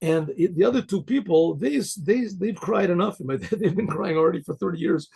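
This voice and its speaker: A man's voice: sits high, animated, normal speed, a little mellow. A man, a rabbi, telling a story in a rambling, conversational way with frequent restarts. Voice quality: gravelly, husky voice. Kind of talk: storytelling talk.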